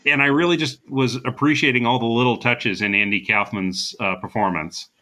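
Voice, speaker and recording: A man's voice: medium pitch, steady tone, normal speed, bright, forceful tone. A man co-hosting a casual podcast, chatting with plenty of fillers and easy laughs. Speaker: podcast co-host.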